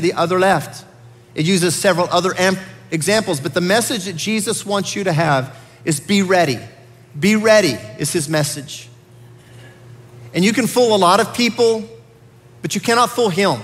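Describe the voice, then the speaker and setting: A high-voiced pastor with a fairly bright tone preaches a sermon in a church sanctuary. He speaks earnestly and builds to emphatic peaks, his words ringing out with the long reverb of a big hall.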